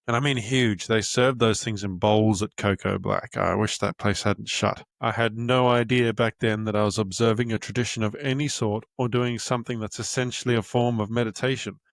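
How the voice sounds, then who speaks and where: A man's voice: fairly low pitch, steady tone, normal speed, creaky, few pauses, no echo, studio quality. A young man hosting a podcast, reading aloud from his own book with casual, candid asides and the odd swear word. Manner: candid and casual, swears freely, stops to find his place. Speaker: podcast host and author.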